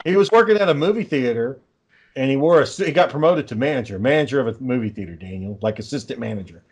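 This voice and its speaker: A fast-talking podcast host with a medium-pitched, slightly rough voice works through a long story in casual conversation. He's an animated storyteller who swears frequently and sounds exasperated.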